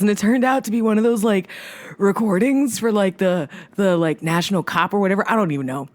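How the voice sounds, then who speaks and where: A woman's voice: mid-range voice, quick pace. A young woman co-hosting a podcast, chatting casually and acting out the voices in her stories. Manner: storytelling, acts out quoted voices. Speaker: podcast co-host. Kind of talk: casual chat.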